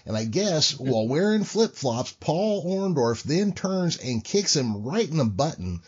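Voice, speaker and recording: A man with a husky voice reacts to a story with animated, profane commentary. His pitch moves around a lot as he speaks. The recording sounds dull and lo-fi. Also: measured pace. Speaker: podcast co-host. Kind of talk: casual chat. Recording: lo-fi, dull audio.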